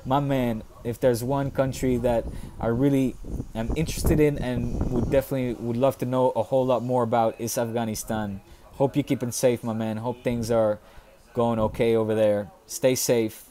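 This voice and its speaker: A man's voice: mid-range voice, steady tone, normal speed, mellow. A man hosting a fan live stream, chatting casually and reading out viewer questions in a rambling, profane way. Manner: rambling, profane, banter with chat.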